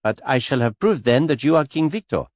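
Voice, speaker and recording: A man's voice: medium pitch, expressive, fairly quick, darkish tone, dry recording, studio quality, voice pushed up, lightly acted. Man putting on an intense detective. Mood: insistent. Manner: emphatic, raised and insistent. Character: excitable middle-aged French detective, intense and earnest.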